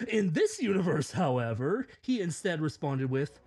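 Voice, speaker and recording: A man's voice: fairly high pitch, sing-song, moderate pace, few pauses, a little mellow, husky, faint music behind. A man reading a scripted commentary in a sarcastic, mocking, profane way. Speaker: YouTube commentator.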